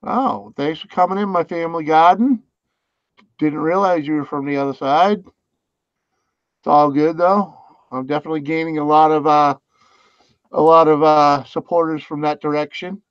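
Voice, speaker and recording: A man hosting a stream in casual chat, halting and easygoing, laughing often. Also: a little high, steady tone, clear, resonant tone, no echo. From New England, US. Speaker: live stream host. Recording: dull, lo-fi stream audio.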